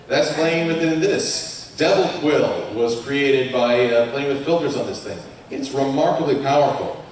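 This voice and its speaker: A young man from Colorado giving a chatty, self-mocking talk as a YouTuber on a live convention panel. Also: a little high. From Colorado, USA. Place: large convention hall with an audience. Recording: echoey hall from far off, faint hiss.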